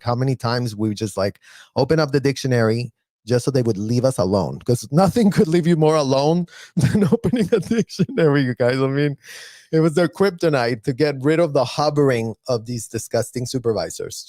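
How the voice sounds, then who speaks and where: A man giving casual, blunt reaction commentary, animated and mocking, with mild profanity. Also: medium pitch, brisk, no room sound, studio quality. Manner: animated, mocking, mimics others in exaggerated voices. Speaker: live reaction streamer.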